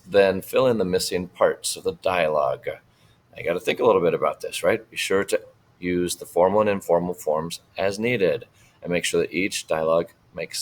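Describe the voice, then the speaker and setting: A man teaching a Spanish class, walking students through online activities step by step and checking in with "right?" as he goes. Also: deep voice. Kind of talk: screen-share lesson walkthrough.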